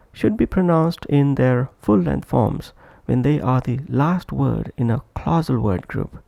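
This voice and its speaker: A man narrating a scripted pronunciation lesson, slow and deliberate, repeating each example phrase for practice. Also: mid-range voice, lively intonation, vocal fry, warm tone, no room sound, dull audio. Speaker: English pronunciation teacher.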